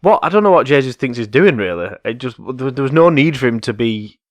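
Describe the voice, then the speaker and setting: A man's voice: mid-range voice, lively intonation, fairly quick, no echo. A man co-hosting a football podcast, telling casual anecdotes with hesitant fillers. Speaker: podcast co-host.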